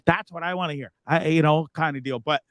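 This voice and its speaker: A man's voice: a little high, a little fast, dry recording. Profane, rambling middle-aged man host. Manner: profane, rambling, animated storyteller. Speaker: podcast host. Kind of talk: casual chat.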